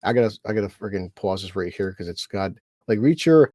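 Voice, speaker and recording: A man's voice: fairly low pitch, lively intonation, fairly quick, dark tone, dry recording, clean studio sound. A man hosting a casual show recap chat, rambling and swearing, acting out lines from scenes. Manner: rambling, profane, acts out scene quotes. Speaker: podcast host.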